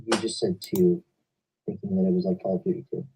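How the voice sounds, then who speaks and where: Young man with a dark voice, rambling. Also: low-pitched, very animated, brisk, gravelly, husky, distant mic, poor audio. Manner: rambling, talks at length about games. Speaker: stream host. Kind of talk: casual chat. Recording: voice from away from the mic.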